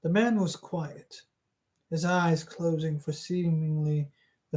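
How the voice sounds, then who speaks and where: Unhurried amateur book reader, giggly asides, rambling and self-correcting. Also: medium pitch, steady tone, a little mellow, low-quality recording. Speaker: audiobook reader. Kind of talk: casual read-aloud with rambling asides.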